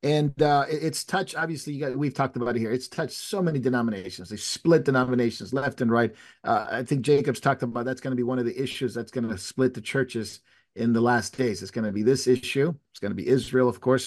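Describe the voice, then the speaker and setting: Man, show host, casual chat, conversational, frequent restarts, mid-pitched. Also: fairly quick. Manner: conversational, many restarts and fillers. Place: Latin America.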